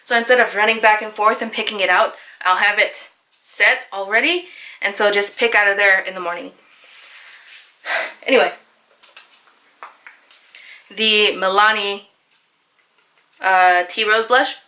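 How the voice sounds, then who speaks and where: Young woman, beauty vlogger; bright, chatty, self-deprecating, casual tutorial read. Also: medium pitch, a little slow, long pauses. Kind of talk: casual makeup tutorial voice-over.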